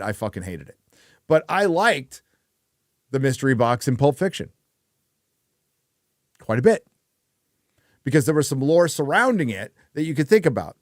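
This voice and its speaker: A man's voice: medium pitch, a little mellow, no room sound, studio quality. A man hosting a casual livestream, ranting bluntly and profanely with frequent fillers while reading viewer donations.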